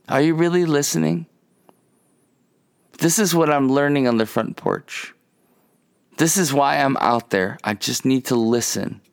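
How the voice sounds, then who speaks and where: A man giving an earnest sermon-style teaching, lively at times and slowing down to stress key words. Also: medium pitch, vocal fry, clear, resonant tone, no room sound, studio quality. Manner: earnest, animated, slows down to emphasize.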